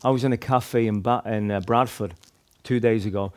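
A man's voice: lowish voice, fairly even intonation, moderate pace, no echo, studio quality. Rambling man telling faith stories. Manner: rambling, heavy use of "like" and "you know", restarts. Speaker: street evangelist. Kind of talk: casual storytelling testimony.

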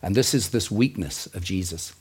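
A man's voice: low voice, normal speed, darkish tone, slightly rough. A man preaching a sermon in an earnest, conversational way, with asides and self-corrections.

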